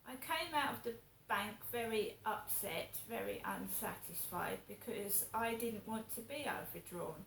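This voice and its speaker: A woman's voice: mid-range voice, a little slow, creaky, few pauses, fairly bright tone. A woman, giving an indignant, repetitive and swearing casual rant as a vlogger. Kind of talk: casual ranting monologue. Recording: echoey room with faint ambient noise.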